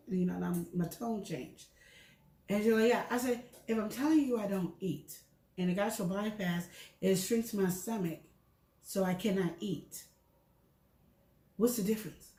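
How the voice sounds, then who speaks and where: A middle-aged female co-host talks at a normal speed and medium pitch, pausing often, in a roomy-sounding recording. During this casual chat about health she's candid and animated, playing out dialogue as she tells stories.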